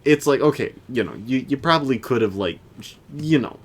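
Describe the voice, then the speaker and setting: A man's voice: medium pitch, lively intonation, a little fast, slightly rough. A man co-hosting a podcast, chatting casually about anime in a rambling way with lots of restarts. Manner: rambling, many restarts and fillers. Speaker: podcast co-host.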